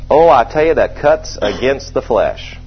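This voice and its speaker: A man preaching a sermon in a conversational way, asking the congregation questions and slowing down to stress scripture. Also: medium pitch, lively intonation, soft background music. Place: church service with a congregation. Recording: dull lo-fi sermon recording.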